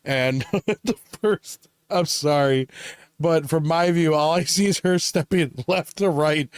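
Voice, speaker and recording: A man's voice: fairly high pitch, takes it slowly, clear, resonant tone, no echo, studio quality. A young man co-hosting a casual chat, telling work stories and laughing often as he talks. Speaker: podcast co-host.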